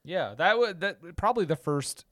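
A man's voice: high voice, lively intonation, normal speed, a bit bright, dry recording. A man co-hosting a film podcast, making dry jokes and reading listener comments. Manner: wry, dry humor, reads listener comments. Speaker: podcast co-host. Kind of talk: casual film podcast chat.

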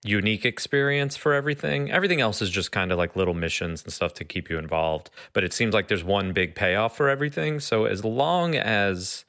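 Deep-voiced relaxed man chatting. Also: a little fast, few pauses, no room sound, studio quality. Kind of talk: casual chat.

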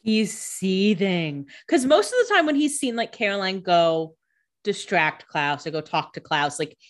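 A woman co-hosting a podcast, reacting in casual chat, excitable and filling her talk with "like" and "you know". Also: mid-range voice, unhurried. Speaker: podcast co-host.

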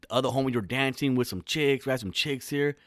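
A man's voice: medium pitch, fast, fairly bright tone, no echo, studio quality. A man in his thirties from California, talking alone in a casual, rambling, profane podcast monologue full of slang.

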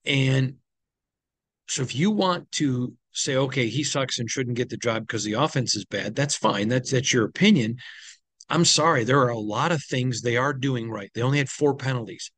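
A man's voice: mid-range voice, normal speed, fairly bright tone, dry recording. Tired, opinionated man, dry recording. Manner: conversational, opinionated, with frequent ums and restarts. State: tired, yawning. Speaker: sports team insider host. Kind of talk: solo podcast recap.

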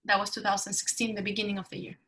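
A middle-aged woman, telling her story as a podcast guest in an animated, emphatic way. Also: mid-range voice, very fast, recorded from a distance, rough recording. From Mexico. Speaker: guest, business consultant. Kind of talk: casual interview talk.

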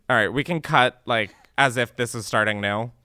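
A man's voice: mid-range voice, measured pace, bright, forceful tone, dry recording. A young man hosting a podcast, chatting casually in a campy, profane way. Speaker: podcast host.

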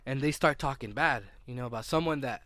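A man's voice: mid-range voice, fast talker, pushed and bright, dry recording. A young man co-hosting a podcast in casual chat, rambling with lots of fillers and restarts. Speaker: podcast co-host.

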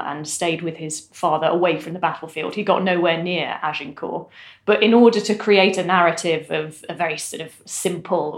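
A woman with a somewhat low voice explains history in a lively, articulate way and uses fillers now and then. Her voice carries a roomy echo. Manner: animated, articulate, frequent fillers. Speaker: historian guest. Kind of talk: casual discussion.

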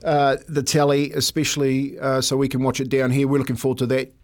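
A man's voice: mid-range voice, monotone, brisk, darkish tone. A middle-aged man, co-hosting a breakfast radio show in casual, laughing chat and telling stories. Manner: jokey, laughing storyteller.

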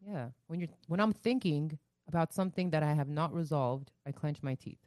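A woman's voice: sits low, brisk, darkish tone, no echo. A woman co-hosting a casual talk show, explaining her thoughts at length with many fillers. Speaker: podcast co-host. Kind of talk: casual chat.

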